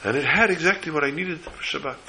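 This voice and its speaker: A man's voice: a little high, fast talker, vocal fry, slight background noise, rough recording. A man telling a religious story as a sermon, acting out the characters' voices with feeling. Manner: animated storyteller voicing characters.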